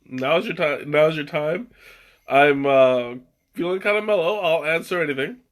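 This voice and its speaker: Over a webcam microphone, a livestream host samples tea and chats casually at a moderate pace, his voice a little high. He wanders from thought to thought, laughs softly, and often leaves sentences hanging.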